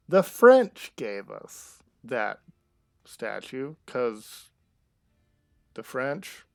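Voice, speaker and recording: A man chatting casually with his viewers while playing a game live, rambling and halting with restarts. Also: medium pitch, gravelly, no echo. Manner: rambling, chatty asides to chat. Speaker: streamer. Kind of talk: live gameplay commentary.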